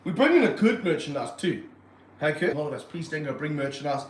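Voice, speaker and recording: A man running a casual livestream from his reptile room, excitable and jokey, full of slang. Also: a little high, fairly quick, roomy sound, low-quality recording. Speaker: reptile park owner and streamer.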